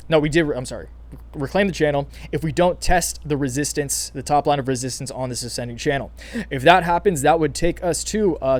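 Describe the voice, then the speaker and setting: A young man hosting casual crypto market commentary, excited and hyped, with frequent restarts and calls to "you guys". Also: on the high side. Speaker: crypto channel host.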